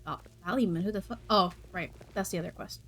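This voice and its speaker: A woman's voice: mid-range voice, fast, fairly bright tone, husky. A woman streaming a video game who chats casually, giggles often and swears now and then. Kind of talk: casual gaming commentary.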